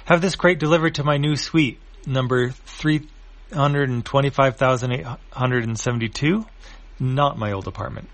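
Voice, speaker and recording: A man voicing a dry, teasing young woman who owns a starship, speaking deadpan and sardonic. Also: medium pitch, normal speed, no echo, voice pushed up, close to an everyday voice.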